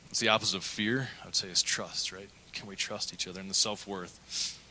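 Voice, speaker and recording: A man's voice: fairly low pitch, steady tone, brisk, hardly any pauses, sharp tone, slight background noise, poor audio. A middle-aged male pastor preaching a sermon, telling a candid personal story and acting out the quotes. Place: church.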